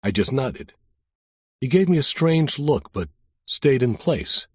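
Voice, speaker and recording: A man reads a first-person thriller audiobook with a wry, deadpan detective voice. His tone is husky and his pitch moves a lot. The sound is dry and close-miked. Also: takes it slowly, no echo. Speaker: audiobook narrator.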